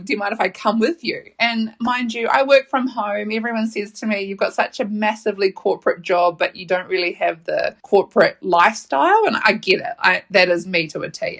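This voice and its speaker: A woman's voice: mid-range voice, a little fast, creaky, hardly any pauses, fairly bright tone. Solo podcast host: New woman, late 30s, chatty storyteller, blunt, swears, laughs a lot. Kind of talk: casual solo podcast monologue.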